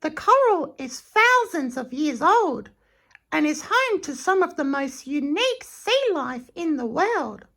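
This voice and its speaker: A woman voicing a cheerful talking barge in a storybook reading, with a chirpy, very high voice. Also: sing-song, a little slow, fairly bright tone, exaggerated voice.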